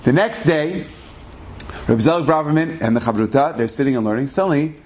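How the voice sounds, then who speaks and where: A man telling a story in an animated, quick, lively way. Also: a little high. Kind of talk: oral storytelling.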